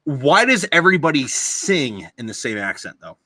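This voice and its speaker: A man hosting a podcast in casual chat, excitable and rambling, swearing freely. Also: mid-range voice, normal speed, no echo. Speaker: podcast host.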